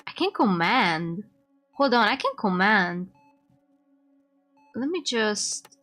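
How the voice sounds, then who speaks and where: A woman's voice: mid-range voice, animated, slow, long pauses, fairly bright tone, faint music behind. A woman streamer playing a game, reading its text aloud and reacting as she goes. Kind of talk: casual game commentary.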